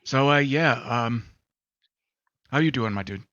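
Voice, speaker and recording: A man co-hosting a gaming talk show rambles casually, full of fillers and acted-out quotes, in a mid-range voice at a measured pace. He's a podcast co-host chatting and telling stories, and the clip is very noisy, slightly dull, with faint music.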